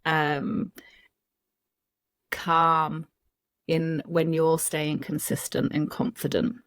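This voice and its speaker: An Australian woman talks in a warm, empathetic, conversational way as a podcast co-host. Her voice sits a little low. The recording is close and dry. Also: flat delivery, drawn-out words, dry recording. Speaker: podcast co-host, sleep practitioner. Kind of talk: advice chat.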